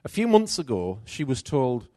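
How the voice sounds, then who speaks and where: A middle-aged man delivers a sermon, weaving in a personal story as his volume swings from loud to soft. His pitch moves in lively rises and falls, and he keeps a moderate pace. The recording is dry and close, with no echo.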